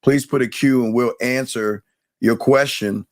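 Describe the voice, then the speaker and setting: A man's voice: mid-range voice, fairly even intonation, a little slow, no room sound, studio quality. A man hosting a live call-in show, quizzing callers and cutting them off when they ramble. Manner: bossy, impatient with callers.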